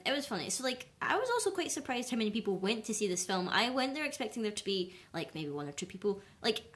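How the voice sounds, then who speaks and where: Woman chatting thru a movie review, rambly, says like a lot, normal pitch. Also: fairly bright tone. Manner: chatty, rambling, heavy use of "like" and "or whatever". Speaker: film review vlogger. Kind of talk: casual film review.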